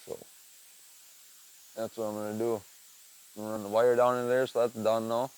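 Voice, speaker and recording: A young man chatting casually on his own, rambling and swearing, dropping to mumbles and then getting loud. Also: fairly low pitch, flat delivery, fairly quick, smooth, poor audio. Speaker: podcast host. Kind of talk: casual solo chat.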